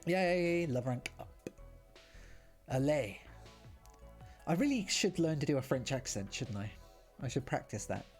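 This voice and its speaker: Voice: medium pitch, lively intonation, moderate pace. A streamer chatting playfully while playing through a dating game. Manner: bubbly, chatty, playful asides. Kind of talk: casual gameplay commentary. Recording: faint background music.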